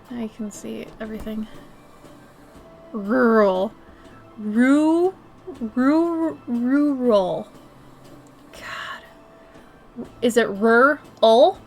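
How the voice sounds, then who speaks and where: A woman's voice: a little high, gravelly, a bit bright. A woman in her thirties from Minnesota, with a slight Minnesotan accent, chatting casually as she answers her live-stream chat. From Minnesota, USA. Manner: chatty, reads and answers chat, gushes and giggles. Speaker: art streamer.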